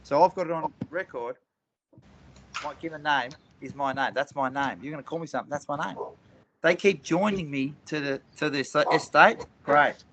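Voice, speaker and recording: Emphatic high-voiced man telling courtroom stories. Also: normal speed, pushed and bright, a little hiss or hum. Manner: emphatic, repeats phrases, acts out courtroom exchanges. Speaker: guest speaker. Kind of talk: animated storytelling talk. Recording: dull lo-fi recording.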